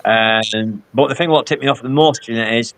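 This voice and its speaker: A man's voice: medium pitch, moderate pace, a bit bright, slight background noise. A man, telling rambling stories full of quoted dialogue on a casual live stream. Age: 50s. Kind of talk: casual chat.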